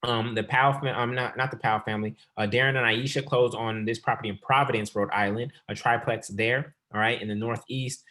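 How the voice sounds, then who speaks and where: A man hosting a real estate investing webinar as coach, talking fast and calling the audience y'all. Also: medium pitch, fairly even intonation, bright, forceful tone. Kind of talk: sales webinar presentation.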